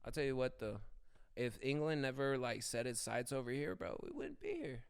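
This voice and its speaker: A young man in relaxed, crude podcast banter with a middle-pitched voice. He breaks into laughter often and keeps his talk loose and unpolished. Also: moderate pace, gravelly, smooth. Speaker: podcast co-host. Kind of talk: casual chat.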